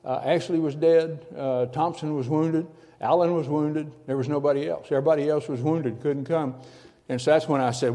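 An older man tells his story to an audience as a testimony, dropping from loud to a hushed near-whisper for effect. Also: fairly high pitch, steady tone, moderate pace, in a large hall. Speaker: speaker giving a testimony. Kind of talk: dramatic personal storytelling to an audience.

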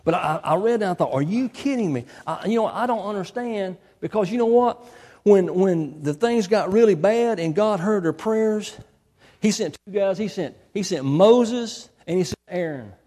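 Man, pastor, preaching, emphatic, folksy, repeats phrases, slightly high, mellow tone. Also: normal speed, in a large hall. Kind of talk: sermon.

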